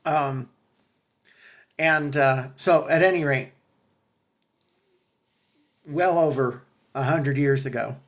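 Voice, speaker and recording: A man talking casually to his viewers, halting with fillers and restarts, then reading a passage aloud. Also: on the high side. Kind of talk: casual commentary with a read-aloud excerpt.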